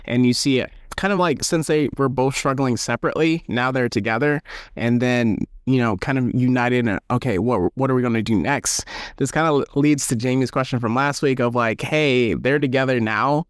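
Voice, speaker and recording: A man's voice: mid-range voice, moderate pace, no room sound, clean studio sound. A podcast host casually recapping a show and acting out lines of dialogue as he goes, laughing along the way. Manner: animated retelling with acted quotes and laughs. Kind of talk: casual review chat.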